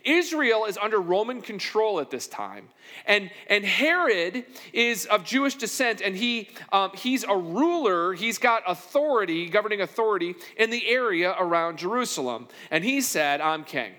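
A male pastor delivers a sermon with a high voice that swings widely as he tells the story. He acts out the characters' lines with energy. His voice carries a long echo through a large hall. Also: very animated, moderate pace, sharp tone.

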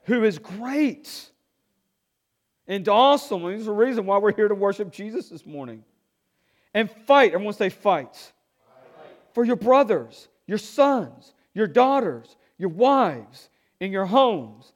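Energetic preaching pastor, a man. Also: high-pitched, unhurried. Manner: energetic preaching with call-and-response; drops to hushed tones when telling a story. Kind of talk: sermon. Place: church.

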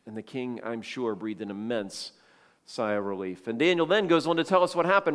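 A man's voice: mid-range voice, brisk, fairly bright tone, in a large hall. A male pastor preaching a sermon, telling the story with feeling and acting out the voices of the people in it.

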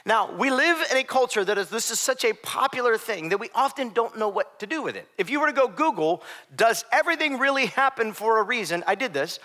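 High, bright-voiced male pastor preaching. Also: expressive, brisk. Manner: conversational, joking asides. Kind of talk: sermon.

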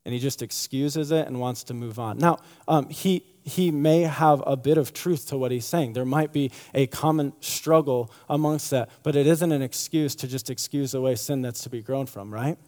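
A man's voice: medium pitch, normal speed, hardly any pauses, a little mellow. A man preaching a sermon in a loose, conversational way, with many fillers and restarts. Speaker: pastor. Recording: long hall reverb.

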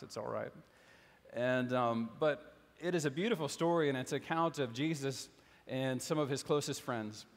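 Conversational pastor preaching in a reverberant church. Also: male voice, medium pitch. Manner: conversational, with gentle humor and fillers. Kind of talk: sermon. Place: church sanctuary. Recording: long hall reverb.

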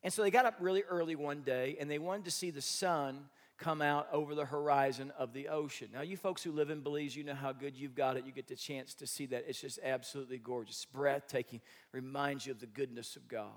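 A man preaching a sermon as pastor, animated, swinging between loud bursts and quiet, reflective stretches. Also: medium pitch, a little fast, hardly any pauses.

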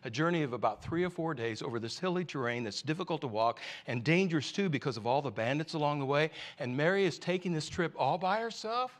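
A man preaching a sermon as a pastor. He asks many rhetorical questions and swings between loud, emphatic passages and quiet, hushed ones. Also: fairly high pitch, expressive, fast talker, few pauses.

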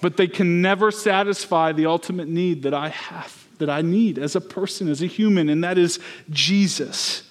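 A man's voice: high voice, moderate pace. A man preaching a sermon as pastor, earnest and personal, telling his own story.

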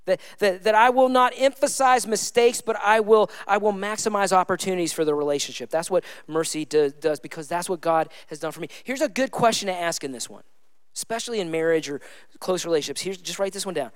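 A high-pitched male pastor delivers a sermon in a casual, conversational way, hammering points home by repeating them. His voice is smooth and resonant, recorded close and dry with no room sound. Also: expressive, a little fast, dry recording. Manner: conversational preaching with emphatic repeated phrases.

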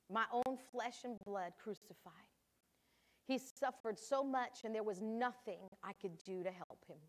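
A high, heartfelt voice of a devoted mother pouring out her diary, as an older woman reads her part, earnest and full of feeling. The voice rises high and carries emotional weight. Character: grieving then joyful mother of a holy son.

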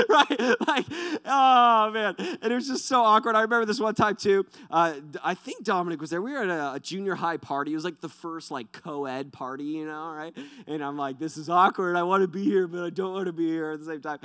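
Animated young male pastor, bright voice. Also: high-pitched, clear, resonant tone, no room sound. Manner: animated, self-deprecating storytelling. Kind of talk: sermon with personal stories.

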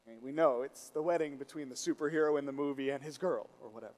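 A man preaching a sermon to his congregation, telling a story with lively, rising emphasis. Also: medium pitch, fast. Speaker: pastor. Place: church sanctuary. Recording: reverberant hall.

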